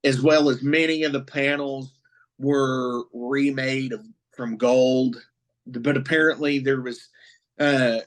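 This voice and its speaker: Unhurried profane man ranting as a fan. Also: medium pitch. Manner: profane, excitable fan rambling. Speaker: podcast co-host. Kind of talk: casual chat.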